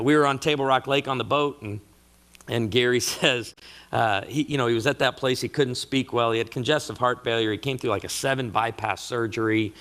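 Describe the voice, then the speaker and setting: Bright-voiced, animated middle-aged preacher. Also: male voice, medium pitch. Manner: animated storyteller with comic asides. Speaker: marriage conference speaker. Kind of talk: humorous sermon-style talk.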